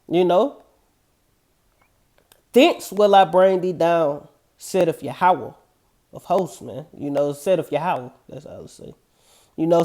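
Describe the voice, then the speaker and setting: A man reading scripture verses slowly, then breaking into loose, profane street-slang commentary and calling listeners "man" again and again. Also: high voice, a little mellow. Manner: addresses listeners with a repeated "man". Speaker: scripture teacher.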